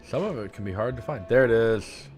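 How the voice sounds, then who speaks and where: A man's voice: mid-range voice, expressive, a little fast, faint music behind. A young adult man, a gaming video host, casually joking and rambling through let's play commentary. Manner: joking, meandering, playful.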